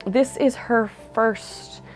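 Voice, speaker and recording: A woman's voice: fairly high pitch, drawn-out words, soft background music. A woman talking casually about books she has read, chatty and enthusiastic, with lots of "like" and "um". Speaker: book vlogger. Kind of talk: casual book review monologue. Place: indoors at home. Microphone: camera mic.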